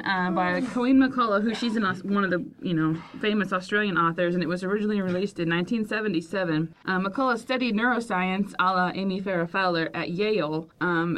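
A woman co-hosting a podcast, chatting casually about a book she recommends and laughing easily. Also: lowish voice. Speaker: podcast co-host.

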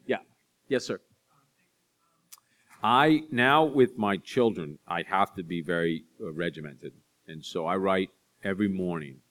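A middle-aged man, an author, answering audience questions with chatty, self-deprecating stories and quick asides. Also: sits low, fairly bright tone. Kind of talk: live Q&A storytelling.

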